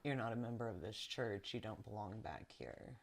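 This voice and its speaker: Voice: mid-range voice, normal speed, vocal fry, slight background noise. Uneasy medium rambling through a church basement. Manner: rambling, filler-heavy, uneasy. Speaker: psychic medium on an investigation. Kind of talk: paranormal walkthrough narration.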